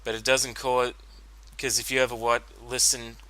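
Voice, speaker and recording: A man's voice: mid-range voice, flat delivery, moderate pace, sharp tone, low-quality recording. A man giving a solo commentary on a cartoon episode, rambling with many fillers and restarts. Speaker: reaction commentator.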